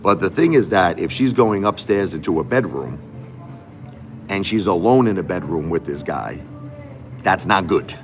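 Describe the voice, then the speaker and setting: A man's voice: sits low, expressive, moderate pace, soft background music. A middle-aged man hosting a livestream, venting emphatically and repeating himself as he talks straight to his viewers. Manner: emphatic, repetitive, addresses viewers directly. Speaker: livestream host. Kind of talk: emotional livestream rant.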